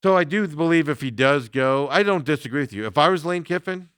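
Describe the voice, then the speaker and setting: A man's voice: fairly high pitch, animated, brisk, a bit bright, clean tone, dry recording, clean studio sound. A man hosting a sports talk show, chatting casually with lots of fillers as he reacts to viewer comments.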